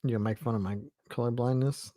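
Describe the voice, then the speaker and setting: A man co-hosting a live chat, cracking dry, deadpan jokes. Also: mid-range voice, fast, dry recording. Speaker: show co-host. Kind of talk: casual live-chat banter.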